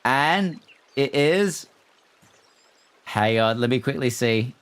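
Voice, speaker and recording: A man's voice: mid-range voice, lively intonation, slow, fairly bright tone, clear, resonant tone. A man streaming live, chatting casually and animatedly with his viewers and reading their messages aloud. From not American. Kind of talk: casual livestream chat with viewers.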